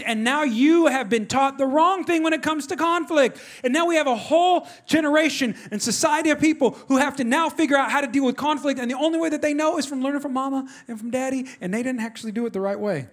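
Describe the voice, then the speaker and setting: A middle-aged man, preaching a sermon in an animated, conversational way and talking directly to his congregation. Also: very high voice. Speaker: pastor. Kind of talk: sermon with personal storytelling.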